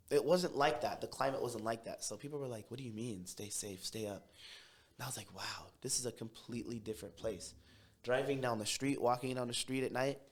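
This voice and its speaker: A young man from Tacoma, a podcast guest telling his story in a quick, brash, animated way. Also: mid-range voice. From Tacoma, Washington. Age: young adult. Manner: fast, brash city talker who speeds up when excited. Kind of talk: casual storytelling interview.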